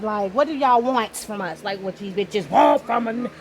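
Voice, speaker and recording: A woman's voice: medium pitch, moderate pace, few pauses, very noisy. A woman giving a casual spiritual tarot reading, talking straight to the viewer in an emphatic, slangy and profane way. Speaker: tarot reader.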